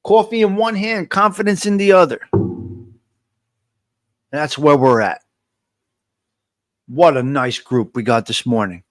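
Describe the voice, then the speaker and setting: At a measured pace with long pauses, a high-voiced streamer hosts a casual live morning coffee session. He motivates and repeats himself while speaking directly to viewers, reading the names and answers people post in chat. His close mic gives a dry recording with no room around him.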